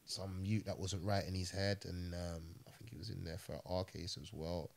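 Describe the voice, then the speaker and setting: A man tells prison stories in a relaxed podcast chat. He speaks in street slang, swears freely and keeps checking in with "you get me". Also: deep voice, moderate pace, vocal fry. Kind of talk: casual storytelling chat.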